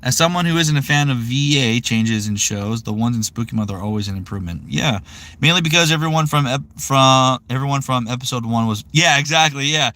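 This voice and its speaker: A man's voice: mid-range voice, brisk, pushed and bright. A man in his thirties chatting casually on a live stream, rambling with lots of fillers. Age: 30s. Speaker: voice actor streaming.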